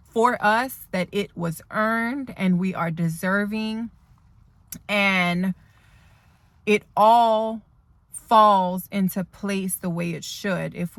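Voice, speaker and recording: A woman's voice: medium pitch, vocal fry, a bit bright, dry recording. Earnest woman vlogging from her car. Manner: earnest, rambling, emotional. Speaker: dental assisting instructor. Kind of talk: heartfelt storytelling vlog. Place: parked car.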